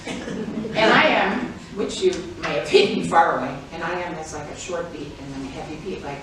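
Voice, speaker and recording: A woman's voice: low-pitched, moderate pace. An older woman giving an informal, chatty performance talk as an author at a library, laughing often as she speaks. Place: public library event room. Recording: very echoey room, distant mic, faint noise.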